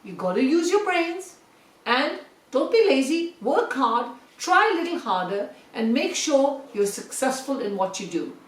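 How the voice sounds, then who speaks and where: A woman telling a story to children, animated and talking directly to her young listeners. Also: high-pitched, a little slow, far from the mic. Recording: roomy echo, set back from the mic.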